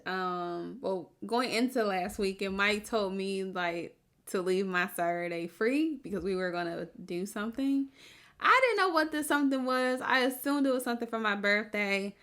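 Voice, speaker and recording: A woman podcast co-host chatting casually, telling a story with lots of laughter and feeling. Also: mid-range voice. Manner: animated storytelling, laughs often. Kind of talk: casual chat.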